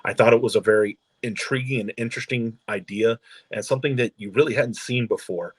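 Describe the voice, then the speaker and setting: A man co-hosting a casual podcast, speaking in a relaxed and agreeable way, reflecting at length. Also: medium pitch, brisk, breathy edge, no echo. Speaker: podcast co-host. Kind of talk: casual chat.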